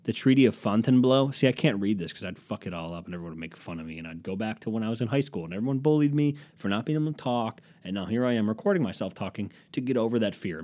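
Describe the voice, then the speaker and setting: A man from Massachusetts hosting a solo podcast from his basement, rambling crudely with lots of swearing and sudden loud put-on voices. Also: fairly low pitch. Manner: crude, profane, jumps into loud impressions. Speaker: podcast host. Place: home basement.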